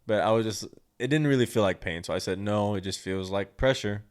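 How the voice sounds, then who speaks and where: Talking briskly in a lowish, clean-toned voice, a young man hosts his own podcast and shares a personal story. He's blunt and crude, wanders off track, and curses a lot.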